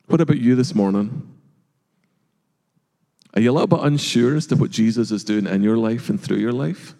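Middle-aged male preacher, warm mellow tone, earnest sermon delivery, long church reverb. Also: mid-range voice, moderate pace, gravelly, pauses often. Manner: earnest, rhetorical questions, acts out quoted voices. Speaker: pastor. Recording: long reverb of a large hall.

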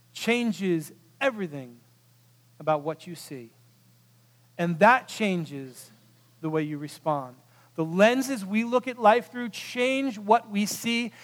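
A man preaching a sermon, telling a story with animated quoted voices, swinging from loud bursts to hushed, quiet moments. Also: sits high. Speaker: pastor. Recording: long hall reverb.

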